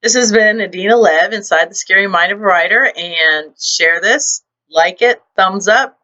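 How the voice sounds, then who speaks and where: A woman's voice: medium pitch, moderate pace, bright, forceful tone, dull audio. A woman writer hosting her own vlog, ranting in a blunt, profane and indignant way into her computer microphone.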